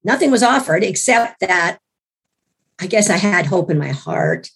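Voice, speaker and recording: A woman guest with a gravelly, husky voice, recounting her own experience at length. She tells it earnestly and with animation, often restarting her sentences. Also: mid-range voice, expressive, a little slow, fairly bright tone. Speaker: guest author. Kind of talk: personal storytelling in an interview.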